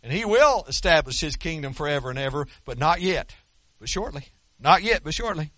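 A man preaching a sermon as pastor, emphatic and folksy, slowing down to stress scripture. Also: a little high, expressive, a bit bright, no room sound. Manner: folksy, with colloquial asides and repeated words.

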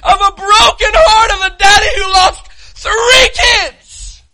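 High, bright preacher man. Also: steady tone, takes it slowly, no room sound, rough recording. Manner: impassioned preaching, shouting and breaking into tears at peaks. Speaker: pastor. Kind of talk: sermon.

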